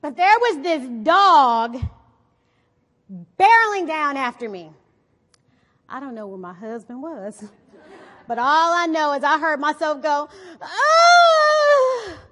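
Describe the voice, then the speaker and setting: A woman with a high voice gives an animated inspirational talk from a stage, checking in with her listeners as she tells her story. Her voice rings out with the long reverb of a big hall. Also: a little slow, pauses often. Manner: animated, often asks the audience "right?". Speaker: motivational speaker. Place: on a stage before an audience.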